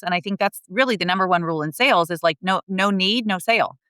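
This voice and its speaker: A woman's voice: lowish voice, quick pace, hardly any pauses, a bit bright, smooth, no echo. A woman guest on a podcast, explaining sales in an earnest way, often restarting her sentences. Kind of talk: casual podcast conversation.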